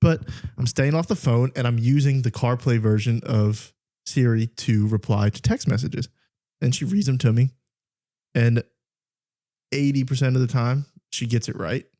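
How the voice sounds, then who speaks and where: A man's voice: medium pitch, normal speed, warm tone. A young man co-hosting a podcast, telling stories in casual chat, often laughing and mimicking a voice assistant. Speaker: podcast co-host.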